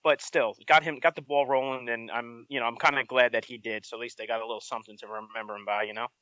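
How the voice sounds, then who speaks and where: Fast-talking exasperated man. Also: mid-range voice, steady tone, bright, forceful tone, muffled recording. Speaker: podcast co-host. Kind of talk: casual chat.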